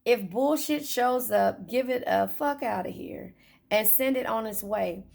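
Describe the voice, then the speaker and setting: Gravelly-voiced woman giving a blunt tarot reading. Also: fairly high pitch, animated, measured pace, a little mellow. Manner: blunt, profane and chatty, talking straight to viewers. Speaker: tarot reader. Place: in a car.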